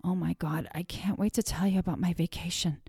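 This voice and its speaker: A woman voicing a chipper, peppy female boss in a put-on Long Island accent, gushing with excitement. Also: fairly low pitch, brisk, breathy edge, no echo. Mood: excited. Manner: excited and squealing.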